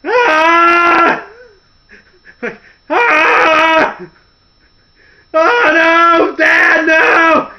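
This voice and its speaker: Guy doing a huge wrestler hollering in anguish, loud and high. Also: racing, muffled recording, very noisy, natural voice. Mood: raging, wailing. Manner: howling, yelling in anguish. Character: huge male wrestler, raging and grieving.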